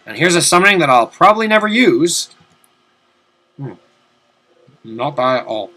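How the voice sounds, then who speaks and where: A young man giving casual, rambling commentary over a video game from his desk at home, swearing now and then and breaking into loud outbursts. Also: on the high side, big pitch swings, moderate pace. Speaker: let's play commentator.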